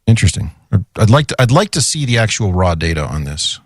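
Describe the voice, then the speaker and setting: A man co-hosting a casual podcast, chatting in an animated, wry way. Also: on the low side, fast talker, no echo, clean studio sound. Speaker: podcast co-host. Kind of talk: casual chat.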